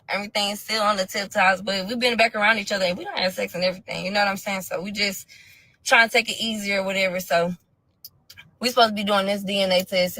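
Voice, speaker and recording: A woman telling a personal story to viewers in a blunt, profane storytime rant, swinging from low mutters to loud crying shouts. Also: no room sound, rough recording. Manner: profane, blunt street slang.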